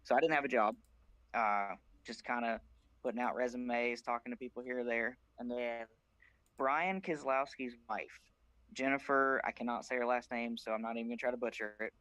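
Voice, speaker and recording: A man's voice: mid-range voice, steady tone, a little fast, bright, forceful tone, dry recording, low-quality recording. A man from South Carolina, a racing crew chief, telling stories as a podcast guest with a plainspoken, dry humor. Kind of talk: casual podcast chat.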